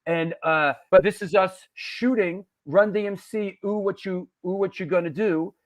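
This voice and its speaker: A man chatting casually and excitedly about old shoots, with swearing and street slang. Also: sits high, unhurried. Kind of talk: casual chat on a livestream.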